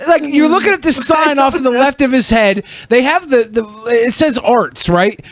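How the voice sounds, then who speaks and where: A man co-hosting a podcast, talking in crude, excitable banter and laughing often. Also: very high voice, moderate pace, no room sound. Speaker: podcast co-host. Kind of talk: casual banter.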